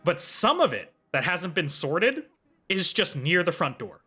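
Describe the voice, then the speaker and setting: A man livestreaming from home, telling a comic story in a casual, animated way. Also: high-pitched, unhurried, slightly rough, soft background music.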